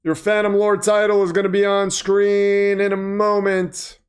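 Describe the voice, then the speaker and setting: Casual male stream host, high clear voice, rambling play-by-play, self-deprecating, erupts with excitement. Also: a little slow. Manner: flustered, self-deprecating, breaks into excited shouts. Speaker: livestream host. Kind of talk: casual livestream commentary.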